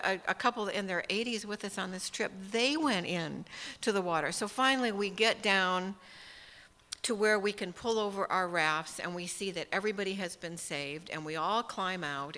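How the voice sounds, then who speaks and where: A woman preaching who tells a personal story with vivid detail and pokes fun at herself. Her voice is bright and clear, and it rings with the long reverb of a big hall. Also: mid-range voice, moderate pace. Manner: animated storytelling with self-mocking humor. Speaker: speaker teaching from the Bible. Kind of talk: personal story within a sermon.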